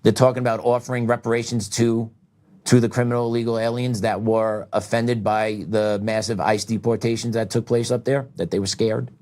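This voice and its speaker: A man's voice: medium pitch, flat delivery, brisk, a little mellow. A middle-aged man hosting a show, delivering a heated political commentary monologue with asides and short laughs. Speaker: show host.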